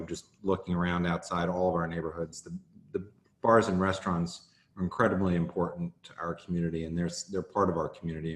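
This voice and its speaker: A man's voice: sits low, echoey room. A man chairing a video-call meeting in an earnest, emphatic way, calling on speakers.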